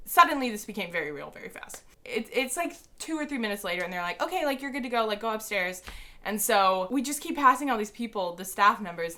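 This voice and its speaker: Bright-voiced young woman telling a story. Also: mid-range voice. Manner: excited rambling with many fillers. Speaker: vlogger. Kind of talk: casual storytime.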